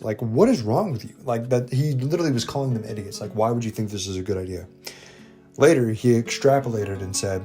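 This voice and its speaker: A man's voice: mid-range voice, brisk, a little mellow, faint music behind. A man hosting a history video in casual, irreverent commentary with jokey digressions.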